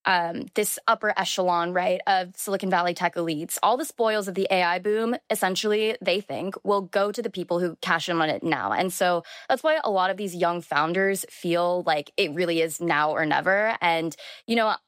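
A woman's voice: lowish voice, moderate pace, fairly bright tone, no room sound, studio quality. A young woman in her twenties, a journalist guest, chatting freely with many fillers and "like"s. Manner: chatty, lots of filler words and "like". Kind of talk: conversational interview.

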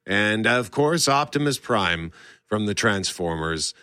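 Bright-voiced, enthusiastic male host. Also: fairly low pitch, lively intonation, slow, slight background noise. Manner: enthusiastic and rambling, with restarts. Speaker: show host. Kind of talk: casual entertainment talk.

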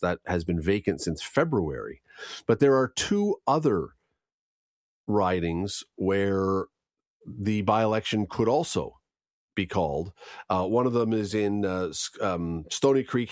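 Recorded in studio quality without echo, a radio host delivers morning news, gas prices and a look at this day in history. His lowish voice stays lively and chatty, and he slips in jokes along the way.

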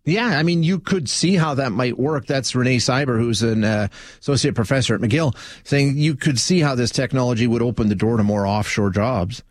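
A radio talk show host chats casually through a call-in program, his speech full of restarts and fillers. His voice is medium in pitch, moves a little fast, and carries no echo.

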